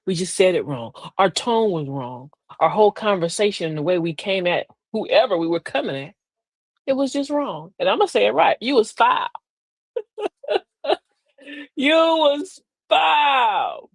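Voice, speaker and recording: Woman, live talk host, folksy and preachy, swooping pitch, dry close sound. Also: slightly rough, dry recording. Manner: folksy and preachy, addresses listeners as beloved, laughs often. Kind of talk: live-stream talk with viewer shout-outs.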